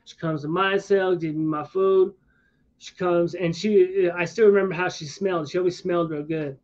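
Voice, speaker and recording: A man with a high voice tells a loose, rambling story in easygoing chat, full of slangy asides and restarts. His voice comes through a dull, lo-fi recording. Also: steady tone, moderate pace, a little mellow. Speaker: streamer. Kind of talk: casual storytelling to a listener. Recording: dull lo-fi sound.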